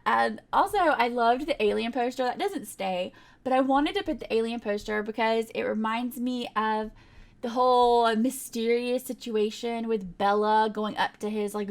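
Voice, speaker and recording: A woman's voice: fairly high pitch, creaky. A young woman, chatting casually in a rambling voiceover over her game build, full of fillers and little laughs. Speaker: game builder narrating a speedbuild.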